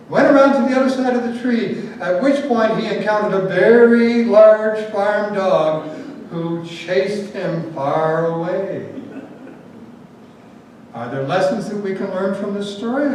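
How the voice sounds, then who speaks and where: A male preacher with a fairly high voice tells a story to his congregation, slipping in wry asides as he goes. He is recorded from a distance in a very echoey room, with a faint hiss underneath. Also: unhurried. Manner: lively storyteller, adds asides and jokes. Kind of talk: storytelling sermon. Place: large room with a gathered audience.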